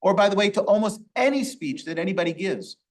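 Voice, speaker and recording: A rabbi leading a Torah study class, asking rhetorical questions and quoting Hebrew verses. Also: male voice, high voice, animated, fast talker. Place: synagogue classroom.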